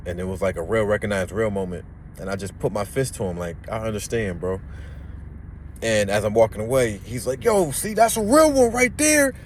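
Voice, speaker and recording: A man's voice: lowish voice, slight background noise. A young man casually telling a personal story, acting out the voices of the people in it. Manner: animated, acts out voices in the story.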